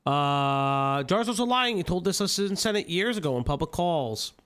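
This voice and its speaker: A man's voice: fairly high pitch, expressive, normal speed, fairly bright tone, clean tone. A man with an Italian American accent doing reaction commentary, profane and mocking. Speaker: commentary streamer.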